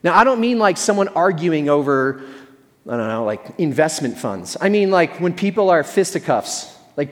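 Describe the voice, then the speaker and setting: Man, pastor, casual humorous sermon, fairly high voice, long hall echo. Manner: conversational storytelling with self-deprecating humor.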